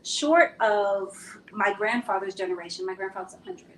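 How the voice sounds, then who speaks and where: Woman psychologist explaining things slow and measured, echoey room, faint hum behind. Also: medium pitch, animated. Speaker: psychologist guest. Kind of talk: panel discussion explanation.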